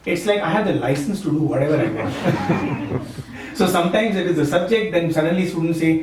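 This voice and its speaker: A man's voice: a little high, a little fast. Man giving a chatty spiritual talk in an echoey room. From India, Maharashtra. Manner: conversational, many fillers and "right?" checks, chuckles often. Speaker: satsang speaker, university teacher. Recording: echoey room, far from the mic, faint hum.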